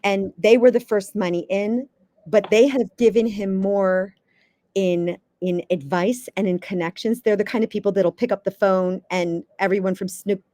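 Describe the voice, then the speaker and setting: A woman from the US East Coast, a communication coach giving advice as an interview guest in a lively, emphatic way, sometimes stammering as she restarts. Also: medium pitch, normal speed, no echo. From United States East Coast.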